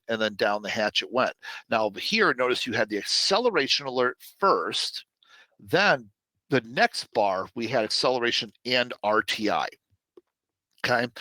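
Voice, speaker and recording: On a live webinar, a man teaches trading in a chatty, loose way, packed with fillers and quick asides to viewers. His mid-range voice is bright and forward, and the recording is dry and close, with no room sound.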